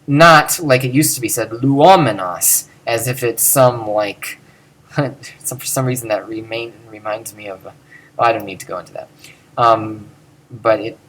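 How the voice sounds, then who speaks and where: A man's voice: fairly low pitch, moderate pace, a bit bright. A man giving an informal grammar lesson, thinking aloud with fillers and self-corrections and drawing out example words. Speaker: teacher explaining Greek grammar. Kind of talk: informal recorded lecture.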